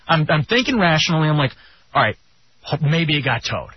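Animated husky-voiced man telling a radio story. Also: brisk, no echo. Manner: animated, jumps to high pitch when indignant. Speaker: radio show co-host. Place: radio studio. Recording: dull lo-fi radio broadcast.

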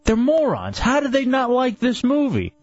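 A man's voice: very high-pitched, huge pitch swings, normal speed, darkish tone, dry recording, dull audio, soft background music. A man hosting a talk radio show, opinionated and argumentative in casual banter.

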